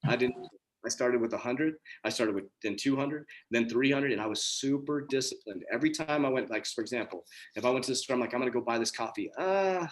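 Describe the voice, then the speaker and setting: A man's voice: medium pitch, brisk. A man in his forties hosting a group video call, giving an earnest, emphatic motivational talk and repeating his key points. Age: 40s. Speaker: coach and community host.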